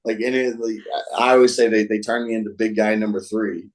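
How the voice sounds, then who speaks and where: A man's voice: lowish voice, steady tone, fast talker, poor audio. A man talking as a guest on a show, telling a story in a rambling, casual way. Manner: rambling, with many fillers and restarts.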